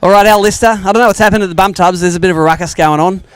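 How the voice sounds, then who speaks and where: A high-voiced Australian man runs a live fishing weigh-in, chatty and joking as he banters with each angler. His voice is clean and clear, and the sound is dry and close with no room echo. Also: steady tone, rapid-fire. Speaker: tournament weigh-in host. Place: outdoor lakeside weigh-in stage.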